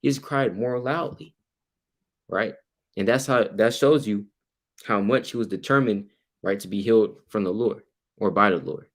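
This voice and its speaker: A man with a low voice leads an informal Bible study from his computer. He reads verses aloud and explains them in plain everyday speech, with frequent "right?" checks. Now and then he jumps higher and louder to act out the people in the story. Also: normal speed, pauses often. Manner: keeps asking "right?" while reading and explaining verses; acts out quoted people with sudden louder, higher bursts. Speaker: Bible teacher. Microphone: computer mic while sharing his screen.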